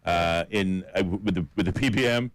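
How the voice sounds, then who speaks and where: Caymanian male radio co-host, very deep voice, dry studio sound, steady list-reading. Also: fairly quick, dry recording, poor audio. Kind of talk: radio talk about election candidates.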